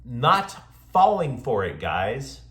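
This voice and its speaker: A man's voice: medium pitch, wildly swooping pitch, slow pace, a bit bright, reverberant. A man hosting a sports show, delivering scripted commentary with sarcastic, mocking asides.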